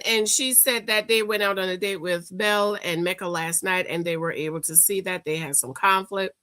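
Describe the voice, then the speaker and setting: Sassy, bright-voiced woman recapping TV. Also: medium pitch, moderate pace, few pauses, no echo. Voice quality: sassy, animated, talks straight to the people she reviews. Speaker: reality TV recap host. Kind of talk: casual commentary.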